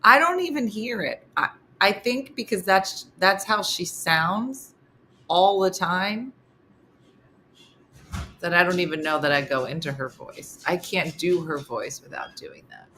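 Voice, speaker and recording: A woman's voice: on the low side, unhurried, slight background noise. A middle-aged woman hosting a morning show, telling comic stories in a casual, laughing way. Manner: animated, laughing, slips into character voices for quotes. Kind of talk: casual comedic storytelling.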